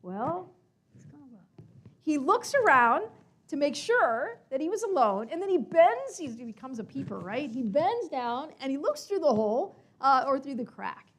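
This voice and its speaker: Storyteller: high, very lively woman acting out her tale for a congregation. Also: normal speed. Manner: animated, acts out characters, asks listeners questions. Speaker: storyteller at a synagogue service.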